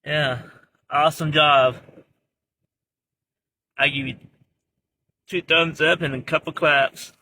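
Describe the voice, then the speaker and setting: Amused man filming, gravelly and slow, faint background hiss. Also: a little high, steady tone, bright, forceful tone.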